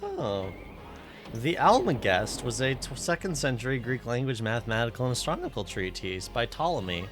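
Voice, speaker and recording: A man co-hosts a let's play with relaxed, joking commentary, sometimes rattling off trivia in a quick burst. His voice sits at an ordinary middle pitch. Faint game music plays underneath. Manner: joking, reads trivia fast. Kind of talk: casual gameplay commentary.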